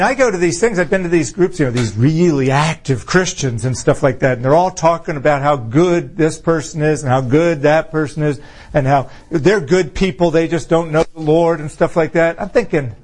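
A man preaching an informal sermon to his fellowship, conversational, full of rhetorical questions, slowing down for emphasis. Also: on the high side, darkish tone. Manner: conversational, rhetorical questions, swings between slow emphasis and quick asides.

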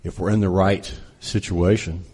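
A man sharing a relaxed, rambling story in an informal sermon at church. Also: sits low, normal speed, slightly rough. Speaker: church worship leader.

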